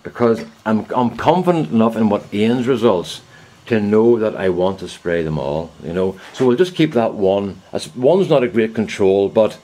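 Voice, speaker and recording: Rambling gardener. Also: male voice, on the low side, lively intonation, normal speed, dark tone. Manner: rambling, chatty storyteller. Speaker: gardening vlogger. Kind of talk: casual anecdotal vlog. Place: outdoor garden. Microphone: handheld camera he films himself with.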